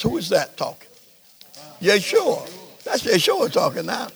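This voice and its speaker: A male preacher delivering a sermon, slow and emphatic, repeating phrases for stress. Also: sits high, huge pitch swings, gravelly, fairly bright tone, breathy edge.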